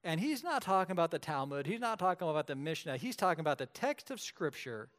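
A man preaching a sermon as pastor, telling the story vividly and swinging between loud and hushed delivery. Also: a little high, very animated, quick pace.

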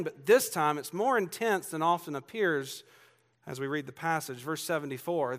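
The voice is fairly high and a bit bright: a Georgia pastor giving an expository sermon in a faint, faded Southern accent. He's earnest and emphatic, building through repeated lines and turning aside to speak to the congregation.

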